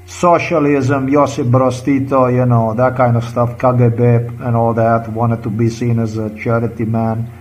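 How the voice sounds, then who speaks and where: A man's voice: on the high side, poor audio. A man, speaking English in an emotional, insistent personal monologue full of fillers and restarts. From Slovenia. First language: Slovenian. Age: 50s. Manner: halting, many fillers and restarts. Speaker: vlogger.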